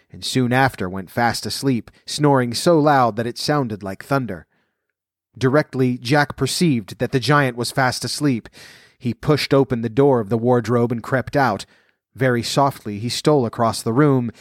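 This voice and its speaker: A man reads a fairy tale aloud in a steady, even manner. His voice sits at an ordinary mid pitch. The recording is dry and close, with no room sound. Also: no room sound. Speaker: storyteller. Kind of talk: scripted narration of a fairy tale.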